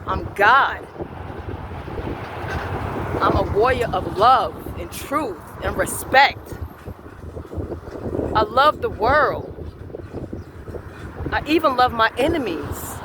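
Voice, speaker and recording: A man giving a slow, earnest spiritual affirmation monologue, repeating his phrases as a motivational vlogger. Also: sits high, lively intonation, background noise.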